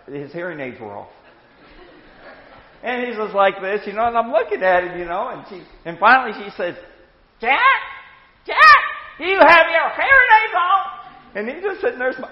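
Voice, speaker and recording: A man in his sixties teaching a Bible class with anecdotes, animated, chuckling and repeating words as he starts sentences. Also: high voice. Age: 60s. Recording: echoey hall, dull lo-fi sound.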